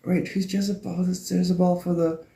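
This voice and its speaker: Male streamer, rambling and profane, laughs a lot; higher voice, mellow tone, roomy echo. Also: level tone, moderate pace, gravelly. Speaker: live stream host. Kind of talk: rambling casual live-stream chat.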